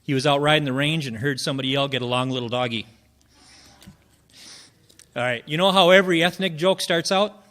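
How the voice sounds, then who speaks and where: Folksy open-mic joke teller, a man with a slightly high voice who rambles through setups. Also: fairly even intonation, quick pace, few pauses, fairly bright tone. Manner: folksy, rambling storytelling with fillers. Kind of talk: telling jokes at an open mic.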